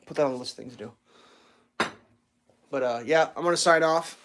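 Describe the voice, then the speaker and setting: A man's voice: on the high side, a little fast, background noise. Rambling casual man chatting to his viewers. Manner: rambling storyteller, stammers on restarts; baby talk with his cat. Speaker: livestream host. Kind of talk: casual chat.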